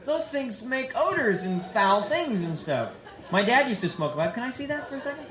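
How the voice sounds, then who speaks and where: Working the crowd in a nightclub, this twentysomething San Francisco comic playfully ribs audience members during his stand-up set. He talks at normal speed in a very high voice with big pitch swings. The club is echoey, with loud crowd and noise.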